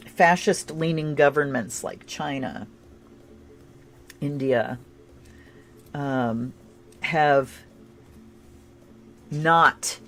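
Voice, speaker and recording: A woman doing a casual tarot and astrology reading, chatty and rambling, with sudden bursts of excitement. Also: sits low, a little hiss or hum.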